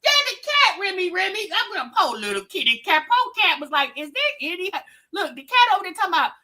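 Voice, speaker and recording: A woman with a very high, bright voice that swings all over as she reacts. She gives loud, teasing commentary on a clip and talks straight to her viewers. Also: big pitch swings, fast. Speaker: reaction video host.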